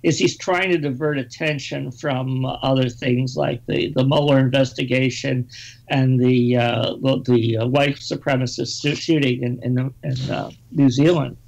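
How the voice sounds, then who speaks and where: A man's voice: mid-range voice, fairly even intonation, measured pace, vocal fry, darkish tone. A man chatting on a political talk panel, hesitant and repeating words as he builds his point. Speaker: panel guest. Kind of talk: casual political chat.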